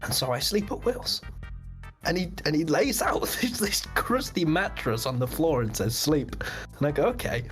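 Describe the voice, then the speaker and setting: An excitable young man spins a rambling story on his stream, his voice leaping all over the place. He laughs a lot and squeaks up high at the dramatic parts. Soft music plays underneath. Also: normal speed. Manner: excitable, laughs often, voice jumps up when recounting shocks.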